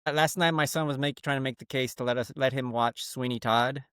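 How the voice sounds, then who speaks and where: A middle-aged man and podcast co-host in casual comedic chat, telling stories and acting out his son in a higher voice. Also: a little fast, smooth, no room sound, clean studio sound. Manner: animated storyteller, acts out his son in a higher voice.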